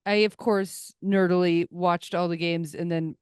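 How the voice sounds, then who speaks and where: A woman hosting a podcast, telling animated stories in a casual chat. Her voice sits a little low and sounds smooth and clear. The recording is dry and close. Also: dry recording. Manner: animated storyteller, quick asides and put-on voices. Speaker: podcast host.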